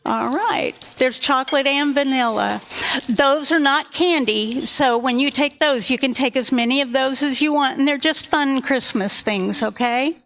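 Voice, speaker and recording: A woman reads a storybook to children at church. Her voice sits high and her pace is slow, and she breaks off to chat playfully with her young listeners. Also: fairly bright tone, a little hiss or hum. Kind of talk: reading a children's story aloud.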